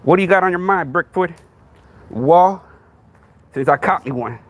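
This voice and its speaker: A podcast host with a Texan accent, confronting a commenter on a live stream and asking one rhetorical question after another. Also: male voice, high-pitched, lively intonation, normal speed, fairly bright tone.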